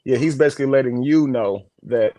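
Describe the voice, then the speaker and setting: A man's voice: mid-range voice, brisk, dark tone, dry recording. Blunt, profane man hosting a livestream. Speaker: livestream host. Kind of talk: casual livestream commentary.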